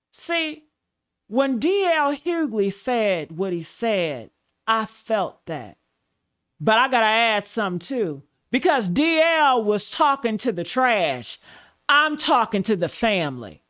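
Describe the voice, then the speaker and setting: Slow, preachy woman commentator. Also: a little high, very animated, a bit bright. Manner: preacher-like, repeating phrases. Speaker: commentary host. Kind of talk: scripted commentary monologue.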